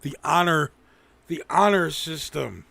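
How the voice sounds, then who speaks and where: A man's voice: fairly high pitch, animated, slow pace, bright, forceful tone. A man hosting a casual livestream, rambling and swearing freely with frequent restarts. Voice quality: gravelly. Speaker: livestream host.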